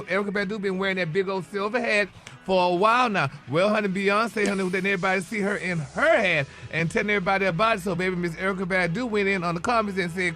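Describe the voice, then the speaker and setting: A man's voice: high voice, bright, forceful tone. A man reading celebrity gossip on a radio morning show, sassy, peppering every phrase with "honey" and "baby". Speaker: celebrity news reporter.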